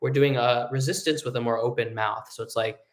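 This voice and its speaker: A man who sings tenor, teaching a live singing lesson in a relaxed, explanatory way, with hummed and sung demonstrations. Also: medium pitch, brisk. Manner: explains casually, demonstrates hums and sung vowels.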